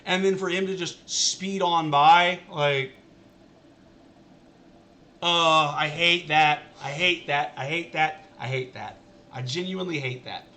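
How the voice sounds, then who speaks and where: A man's voice: fairly high pitch, slow pace, pushed and bright. A man streaming a racing management game, talking casually to his chat in an exasperated, ranting way and repeating himself. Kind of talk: casual live-stream commentary.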